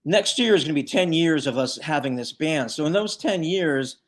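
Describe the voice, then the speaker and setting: A man's voice: fairly high pitch, animated, moderate pace. Rambling man acting out quotes. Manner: rambling, full of fillers, acts out quoted lines. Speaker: tribute band leader, guest. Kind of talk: casual storytelling in a live interview.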